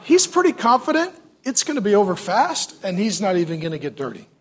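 A male preacher with a high voice that swings widely up and down. He delivers a sermon in an animated, joking way and keeps throwing questions at his listeners. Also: brisk. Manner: lively, joking preacher who asks the audience questions. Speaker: pastor.

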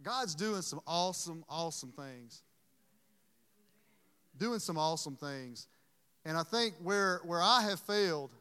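A man's voice: a little high, sharp tone, smooth, long reverb tail. A man preaching a sermon in an earnest, emotional way, often stopping and restarting his sentences. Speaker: pastor.

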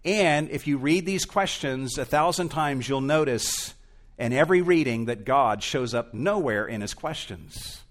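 A man's voice: mid-range voice, expressive, measured pace. A male pastor preaching an expository sermon in a church, earnest and emphatic, rising and falling in intensity.

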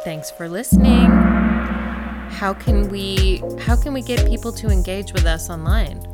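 A woman's voice: medium pitch, unhurried, loud music behind the voice. A woman co-hosting a podcast in casual chat, hesitant and full of restarts. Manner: hesitant, restarts and trailing asides. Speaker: podcast co-host.

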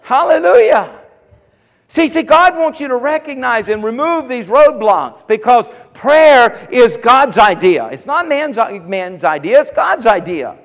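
High-voiced man preaching in a hall. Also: expressive, moderate pace, hardly any pauses, a bit bright. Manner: preachy, rising to emphatic calls and repetition. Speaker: pastor. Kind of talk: sermon. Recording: hall reverb.

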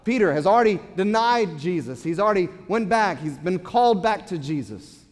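A man's voice: sits high, expressive, moderate pace. A pastor preaching a sermon to his congregation in a church, earnest and repeating words as he builds his point. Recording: long hall reverb.

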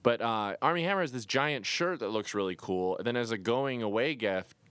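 A man's voice: medium pitch, lively intonation, fairly quick, a bit bright, clean tone, no echo. A young man co-hosting a casual comedy podcast, rambling and restarting his sentences. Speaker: podcast co-host.

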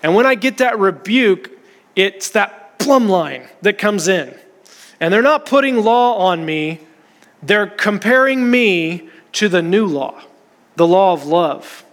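A man with a high, light voice preaching an earnest, conversational sermon to his congregation. The sound carries a long reverb from a large church hall. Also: lively intonation, slow pace, fairly bright tone. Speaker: pastor.

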